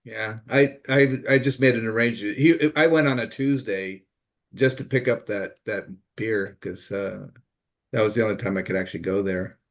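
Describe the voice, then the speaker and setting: A man's voice: lowish voice, normal speed. Older man, easygoing storyteller, stumbles and repeats words, dull lo-fi recording. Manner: chatty, repeats words, tells jokes. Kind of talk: casual group chat. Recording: dull lo-fi sound.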